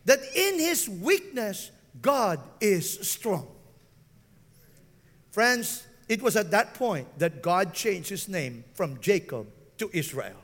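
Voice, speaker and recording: A man's voice: high-pitched, sing-song, takes it slowly, a bit bright, long reverb tail. A man preaching a sermon as pastor, often calling out questions to his listeners. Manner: preaching with frequent call-outs to the listeners.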